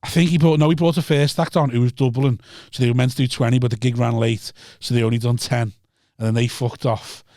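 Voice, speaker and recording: A man's voice: medium pitch, steady tone, fast talker, hardly any pauses, darkish tone, no room sound, studio quality. A man, a stand-up comedian telling rambling, sweary stories in a casual podcast chat.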